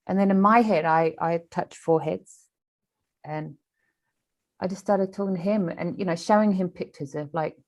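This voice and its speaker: A woman, an animal communicator, telling a story in an interview in an animated way, with frequent restarts. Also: fairly low pitch.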